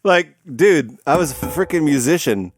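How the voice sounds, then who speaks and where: A man tells a classroom story in a casual, animated way, his pitch jumping around as he goes. He laughs and swears freely, like a seasoned musician turned teacher. His voice sounds close and dry. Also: moderate pace, no room sound, faint music behind. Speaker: guest, music teacher and former touring musician.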